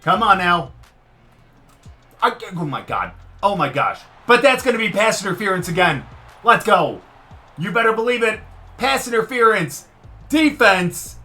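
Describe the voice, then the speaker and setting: A man giving live commentary over his own football video game, swinging from muttered frustration to loud excitement. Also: sits high, a little slow, long pauses. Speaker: gaming commentator.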